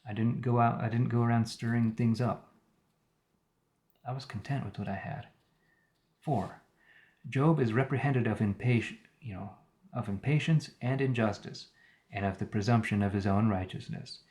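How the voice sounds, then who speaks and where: A man with a medium-pitched, darkish voice reads the Bible during a live stream. Every so often he breaks off to paraphrase the old wording and share his thoughts.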